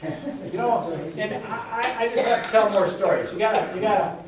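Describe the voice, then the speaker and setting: Speaking at a moderate pace in a voice that sits high, this middle-aged man is running for Congress and delivers his campaign pitch through homespun tales and emphatic repetition. A crowd can be heard behind him, and the far-off mic picks up the echo of the indoor meeting room.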